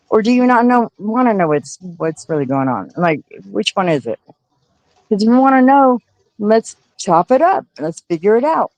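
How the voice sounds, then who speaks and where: A woman's voice: mid-range voice, sing-song, normal speed, a little mellow, dry recording, poor audio. A woman hosting a livestream, scolding her chat in a profane, confrontational rant. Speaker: livestream host.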